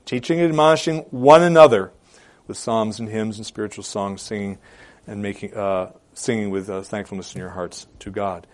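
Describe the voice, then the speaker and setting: A man preaching from the pulpit in a fairly low voice. He drives his points home by repeating phrases. He rises to loud declarations, then drops to quiet, hushed appeals. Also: little pitch movement, moderate pace. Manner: repeats phrases for emphasis with occasional filler hesitations. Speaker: pastor. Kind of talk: sermon.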